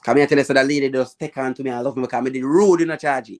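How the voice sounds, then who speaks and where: A man with a Jamaican accent spins a long, lively story in patois during a casual live chat. His voice sits at an ordinary middle pitch, and he often lifts it when quoting others. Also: racing. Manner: lively patois storytelling, quotes people in raised voice.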